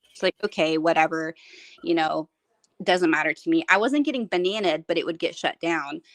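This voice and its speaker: A woman's voice: fairly low pitch, no room sound. A woman in casual chat, telling a rambling story with frequent laughs.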